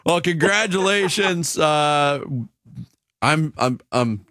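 A man's voice: fairly high pitch, slow pace, dry recording, clean studio sound. A man hosting a sports radio show, joking with co-hosts and a contest winner. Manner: lively, joking, animated.

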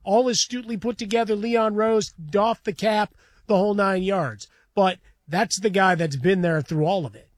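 A man's voice: high voice, moderate pace, no echo. A man co-hosting a sports radio show in a studio, talking through a point in a wry, analytical way.

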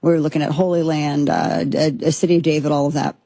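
Husky lower-voiced woman ranting on her commentary show, dry close sound, fired up, keeps restarting. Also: flat delivery, quick pace, warm tone, no room sound. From United States. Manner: emphatic, impassioned, rambling with restarts. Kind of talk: opinionated political commentary.

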